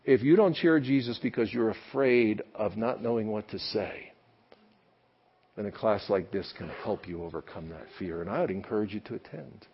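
A man's voice: lowish voice, normal speed, slightly rough, dull audio. A man, a pastor, preaching a sermon to his congregation in a folksy, earnest way. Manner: folksy, earnest, acts out quotes. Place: church, before a congregation.

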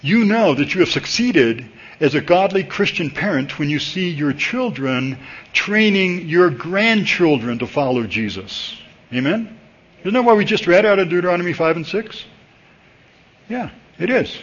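A man preaching a sermon at a church service, talking to the congregation in a conversational, animated way and jumping up in pitch when he gets excited. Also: breathy edge. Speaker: pastor. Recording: dull lo-fi recording.

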